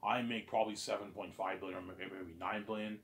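A man's voice: fairly low pitch, steady tone, fast talker, a bit bright, a little hiss or hum. A man in a casual monologue who rambles and uses lots of "like" and "man" and some swearing. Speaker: channel host.

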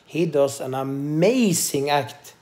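A man speaks slowly to a handheld camera in an echoey room, his voice at an ordinary middle pitch. He halts often, with pauses and fillers, and sounds tender and emotional. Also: animated, darkish tone. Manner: slow, halting, with many pauses and fillers. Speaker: vlogger. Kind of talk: casual personal vlog to camera.

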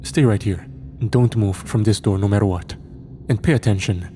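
A stern, bossy security guard with a Finnish accent gives curt orders, as a male narrator puts him on. The voice is low and mellow. A faint hiss sits behind the story reading. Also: normal speed, lightly acted. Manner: curt, commanding.

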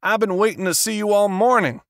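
A man's voice: fairly high pitch, expressive, unhurried, a bit bright, no echo, clean studio sound. A man voicing a desperate, frustrated would-be author who pleads in a raised, agitated voice, read as an audiobook character. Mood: pleading.

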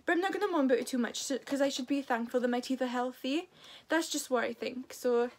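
A woman's voice: high voice, quick pace. A Welsh woman in her late teens chatting casually to camera as a vlogger, dropping "like" into her sentences often. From Wales. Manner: chatty, says "like" a lot.

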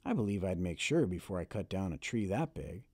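A man reading a calm, slow-spoken rural father. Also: low-pitched, dry recording, clean studio sound, exaggerated voice. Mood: calm fatherly. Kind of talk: audiobook character reading.

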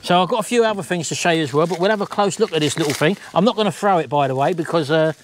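Middle-aged vlogger host, rambling jokey chat, voice a touch high. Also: male voice, very fast, slight background noise. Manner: chatty, rambling, jokey, calls wife baby. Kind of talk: casual chat to camera.

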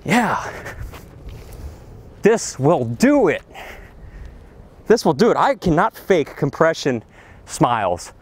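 Male golf instructor, high-ish, very animated delivery, excitable, recorded on an outdoor range. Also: slow, pauses often, husky. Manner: enthusiastic, excitable, exclaims and hoots. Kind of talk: energetic golf lesson on the range.

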